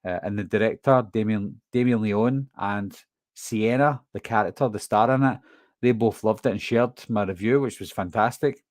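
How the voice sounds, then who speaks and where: A man's voice: on the low side, moderate pace, no room sound. Glaswegian man, dry close mic. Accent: Glaswegian Scottish, toned down. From Scotland. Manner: chatty, reads viewer questions and answers them. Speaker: horror movie channel host. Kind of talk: casual live stream chat.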